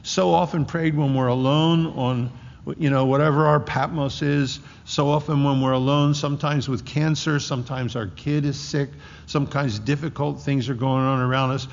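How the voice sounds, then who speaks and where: A pastor preaching an expository sermon, emphatic, with slow drawn-out phrases that surge with intensity. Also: male voice, mid-range voice, fairly even intonation, vocal fry. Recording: muffled hall with long reverb.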